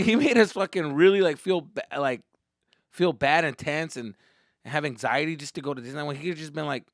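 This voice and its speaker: A man hosting a podcast, telling a comic family story in a profane, rambling, animated way. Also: on the high side, a little fast, dry recording, clean studio sound. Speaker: comedian podcast host. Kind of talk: comedic storytelling.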